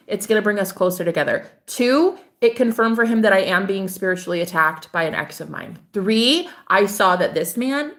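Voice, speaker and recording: A young woman vlogging casually about her spiritual life, laughing and swearing as she talks. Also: mid-range voice. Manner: animated, swearing, laughing often. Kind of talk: casual monologue to camera.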